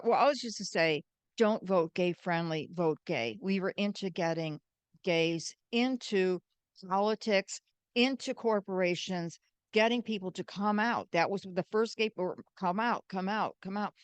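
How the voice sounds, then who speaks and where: An older American woman, a guest, telling animated stories and acting out the voices in them. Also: medium pitch, measured pace, clear, resonant tone, no echo. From United States. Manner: animated, acts out quoted voices. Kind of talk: storytelling interview.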